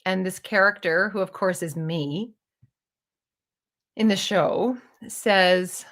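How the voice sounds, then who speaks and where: A woman's voice: mid-range voice, takes it slowly, long pauses, a bit bright. A woman in her fifties telling a personal story in a candid, digressive way, swearing casually as she goes. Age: 50s. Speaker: storyteller and playwright.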